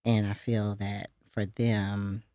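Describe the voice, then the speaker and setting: A middle-aged woman co-hosting a podcast, speaking in a measured, reflective way during candid casual conversation. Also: extremely low pitch, little pitch movement, warm tone, no room sound, studio quality. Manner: measured and reflective, with frequent fillers. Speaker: podcast co-host.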